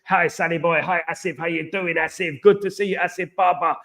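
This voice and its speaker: An English man chats casually on a live stream, reading out viewer comments and answering them. He is animated and repetitive, full of banter and slang shout-outs. His voice sits a touch higher than most men's. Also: fairly quick. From England.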